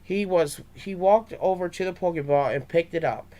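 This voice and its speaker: A man's voice: a little high, normal speed, hardly any pauses, darkish tone. A young man reading his own fan story aloud, with small stumbles and restarts.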